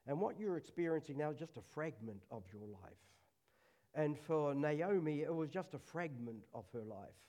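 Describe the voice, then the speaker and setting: A middle-aged man preaching a sermon at a church service, earnest, dropping to a hush on solemn lines. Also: on the high side, lively intonation, normal speed.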